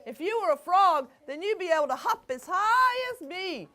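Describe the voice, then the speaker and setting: A woman's voice: very high voice, very animated, moderate pace, pushed and bright. A woman reading a picture book aloud to children as a librarian, coaxing them to act along.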